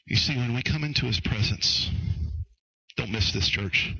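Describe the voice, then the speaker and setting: A man's voice: mid-range voice, normal speed, creaky, sharp tone, husky, no room sound, rough recording. A male pastor preaching a sermon, emphatic and repeating his phrases as he addresses the congregation directly.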